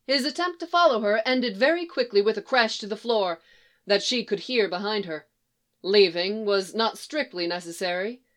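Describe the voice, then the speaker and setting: Female storyteller, calm reading voice, mid-range pitch. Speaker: narrator. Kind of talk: scripted story narration.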